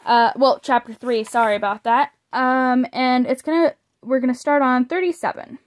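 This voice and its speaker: A woman's voice: sits high, fairly even intonation. A woman reading a children's book aloud, who stumbles over words and apologizes as she goes. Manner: slow, stumbling, apologizes for misreadings. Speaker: storybook reader. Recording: slightly muffled lo-fi audio.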